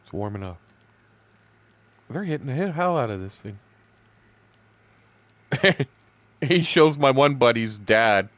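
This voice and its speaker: A man's voice: medium pitch, lively intonation, slow, long pauses, a bit bright, dry recording. A man in his sixties casually telling profane, rambling fishing stories while streaming a game, laughing often. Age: 60s.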